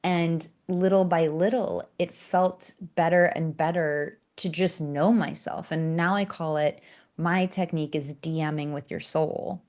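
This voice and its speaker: Woman w/ a low voice, guest on a podcast, animated and self-mocking, acts out bits of dialogue. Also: a little slow. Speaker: author and coach, podcast guest. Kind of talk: candid conversational storytelling.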